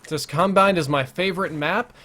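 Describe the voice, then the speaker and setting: Chatty male game streamer, slightly high. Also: moderate pace, a bit bright, slight background noise. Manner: chatty, reads viewer chat aloud between plays. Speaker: gaming livestream host. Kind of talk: casual live gameplay commentary.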